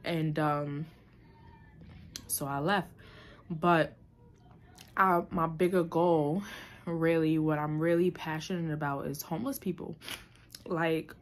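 Young woman vlogger, low-pitched and candid, reflective, slips into emotion, lots of ums and restarts. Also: fairly even intonation, slow pace, long pauses, a little hiss or hum. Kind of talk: candid personal vlog. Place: New York City.

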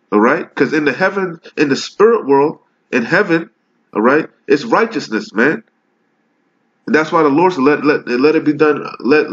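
A man with a fairly high voice preaches in a heated, cursing rant, stopping after each point to demand "okay?" The recording is muffled and lo-fi. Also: a bit bright. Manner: rants, swears, punctuates every point with "okay?". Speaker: street preacher. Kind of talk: fiery profane sermon.

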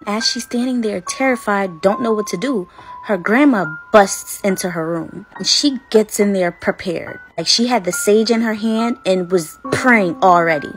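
A woman casually telling a spooky story with suspenseful pauses. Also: medium pitch, faint music behind. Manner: dramatic, suspenseful. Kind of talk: casual spoken ghost story.

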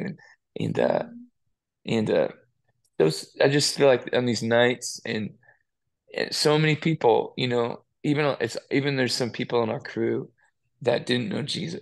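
Worship singer guy talking, gravelly voice, earnest and emotional, lots of restarts. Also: mid-range voice, lively intonation, a little slow. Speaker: worship musician. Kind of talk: casual interview talk.

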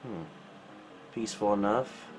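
A man's voice: on the low side, measured pace, slight background noise. Wry man narrating retro gameplay. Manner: relaxed, wry, self-mocking asides. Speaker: retro computer channel host. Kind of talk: casual gameplay commentary.

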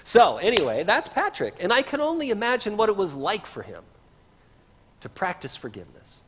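A man's voice: sits high, huge pitch swings, moderate pace, husky. A man preaching a sermon as pastor, in a conversational way with casual asides, in a church sanctuary. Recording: reverberant church livestream.

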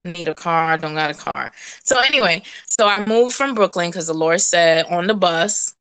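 A woman sharing a casual, animated testimony, laughing and jumping to high exclamations. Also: moderate pace, clean tone. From West Indian. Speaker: prophetic preacher.

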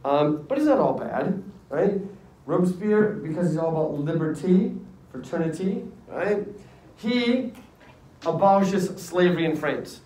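A male history teacher telling a lively classroom story in casual slang, acting out voices. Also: on the high side, measured pace. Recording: echoey room, distant mic.

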